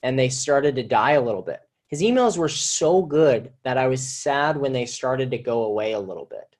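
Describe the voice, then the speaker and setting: Man, mid-pitched voice, live online lesson, energetic, conversational, repeats phrases, speaking at a desk mic. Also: moderate pace. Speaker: marketing teacher.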